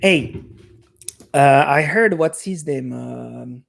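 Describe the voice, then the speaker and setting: Guy with a french accent rambling to his stream chat, kinda gravelly voice, mid pitch. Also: very slow. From half Italian. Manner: rambling, chatty, restarts often. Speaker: live streamer. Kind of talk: casual live-stream chat with viewers.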